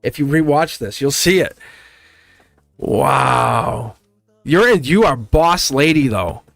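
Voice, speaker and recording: A man hosting a live tarot reading, talking in a chatty, excited way, laughing often and acting out voices as he reads the cards. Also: medium pitch, slow pace, gravelly, no room sound, soft background music.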